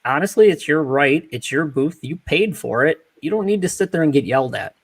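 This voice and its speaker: A man's voice: on the high side, animated, brisk, breathy edge. A man co-hosting a podcast in casual chat, giving frank, practical advice in an everyday conversational way. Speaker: podcast co-host.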